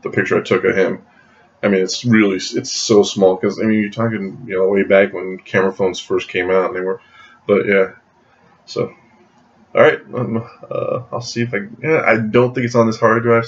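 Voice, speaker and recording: A man casually telling a long personal story to his camera, rambling with restarts and laughing often, in a dull lo-fi recording. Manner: jumps high in pitch when acting out his own surprise.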